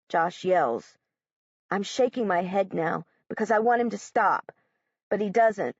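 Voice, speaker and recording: A woman's voice: medium pitch, a little slow, no echo. A woman narrating an audiobook in the first person as a young girl, in a literal, matter-of-fact way. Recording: dull, dry audiobook recording.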